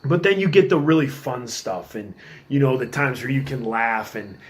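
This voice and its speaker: A middle-aged man telling stories in a casual podcast chat, working as a police officer, animated and acting out quotes. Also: medium pitch, moderate pace. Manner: animated storyteller, acts out quotes in a raised voice.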